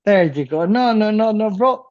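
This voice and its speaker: A man from South America co-hosting a podcast in casual chat, animated and laughing, swearing casually. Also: sits high, normal speed, lo-fi sound. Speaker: podcast co-host.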